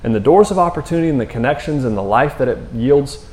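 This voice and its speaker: A man's voice: mid-range voice, lively intonation, fast talker, a little mellow. A male pastor preaching in a loose, conversational way, often tossing in "man" and "you know.". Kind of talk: sermon. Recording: echoey room.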